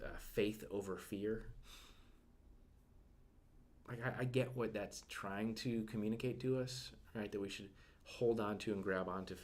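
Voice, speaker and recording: Man, lowish voice, casual devotional talk, chatty, filler-heavy, drops near a whisper for heavy moments. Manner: conversational, many fillers, questions to listeners; drops to a soft near-whisper at emotional points. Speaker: therapist giving a devotional.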